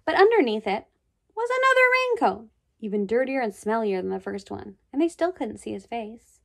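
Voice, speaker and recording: Lady reading a kids book out loud, super animated, kinda high voice. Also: moderate pace, vocal fry. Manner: expressive, chatty asides. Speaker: storybook reader. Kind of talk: reading a children's book aloud.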